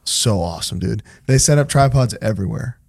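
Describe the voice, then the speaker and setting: A man's voice: lowish voice, expressive, brisk, vocal fry, darkish tone, husky. A man in a casual chat, enthusiastic and slangy, calling others dude.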